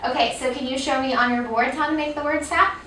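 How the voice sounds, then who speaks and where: A woman's voice: sits high, fairly even intonation, fast talker, far from the mic, background noise. A woman presenting a teacher training workshop on reading, explaining patiently with frequent ums. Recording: echoey room, voice off-mic.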